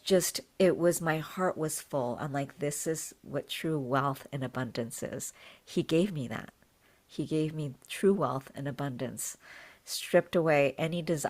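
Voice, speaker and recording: Podcast guest, female healer with a low voice, earnest, heartfelt, acts out the dialogue in her story. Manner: animated, acts out her own and others' words; earnest and heartfelt, repeats phrases for emphasis. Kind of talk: emotional personal storytelling.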